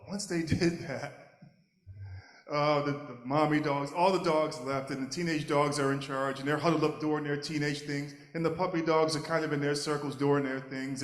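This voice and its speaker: A man telling a folk tale to a live audience, animated and playful, often chuckling. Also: a little high. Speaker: storyteller. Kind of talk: live storytelling. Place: large hall at a live event. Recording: echoey hall, live audience.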